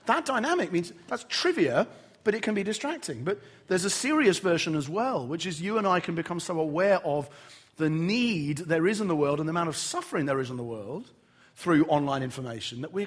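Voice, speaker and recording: Lively, husky-voiced male preacher. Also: sits high. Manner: animated, humorous, self-deprecating storytelling. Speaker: pastor. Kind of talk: sermon.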